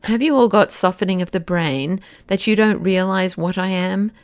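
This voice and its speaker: A woman reading an audiobook, voicing an excitable male nobleman who pleads and rants. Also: mid-range voice, normal speed, clean tone, dry recording, close to an everyday voice. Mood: frantic. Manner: exasperated, pleading, then bursts of ranting insults. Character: flamboyant middle-aged male nobleman, frantic.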